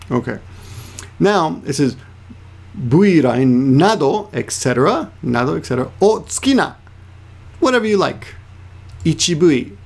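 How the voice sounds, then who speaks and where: A man's voice: mid-range voice, creaky, a little mellow. A man teaching a casual Japanese lesson, explaining word by word, repeating terms and correcting himself as he goes. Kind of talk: casual screen-share lesson.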